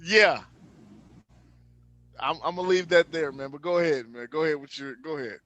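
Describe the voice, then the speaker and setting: A man's voice: fairly high pitch, moderate pace, fairly bright tone, no echo, muffled recording. A man co-hosting a casual podcast, laid-back and steering the conversation along. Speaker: podcast co-host.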